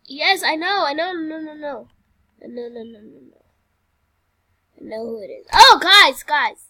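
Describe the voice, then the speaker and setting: A woman's voice: high voice, expressive, a little slow, long pauses, sharp tone, no echo. A woman chatting through a game role-play, often dropping into whispered asides.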